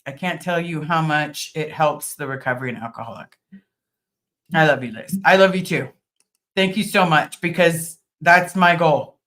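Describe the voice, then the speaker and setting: A woman's voice: sits low, moderate pace, fairly bright tone. A middle-aged woman hosting a casual livestream, reading viewer comments aloud and answering them in an earnest, thankful way with frequent ums. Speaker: livestream host.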